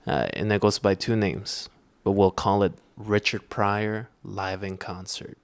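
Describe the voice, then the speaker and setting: A man's voice: fairly low pitch, fairly even intonation, a little slow, dry recording. A young man hosting a podcast in casual chat, rambling with lots of fillers and restarts. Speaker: podcast host.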